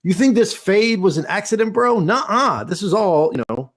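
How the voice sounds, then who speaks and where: A man co-hosting a podcast in casual chat, joking and animated, with slangy talk. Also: sits high, moderate pace. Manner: joking, animated, slangy, puts on funny voices. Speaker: podcast co-host.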